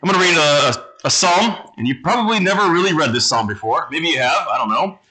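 A man preaching a sermon, reading scripture aloud slowly and low, then explaining it in a conversational way. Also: lively intonation, pushed and bright, low-quality recording.

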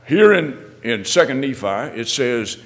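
Man preaching with lively swinging pitch. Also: a little slow, in a large hall. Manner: swings from loud pressing questions to quiet asides, repeats words. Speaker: minister. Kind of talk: sermon.

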